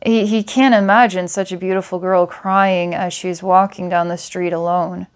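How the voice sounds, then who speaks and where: A woman's voice: lowish voice, fairly even intonation, normal speed. A woman psychic giving a client a past-life reading, meandering with filler words and small laughs. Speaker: psychic reader.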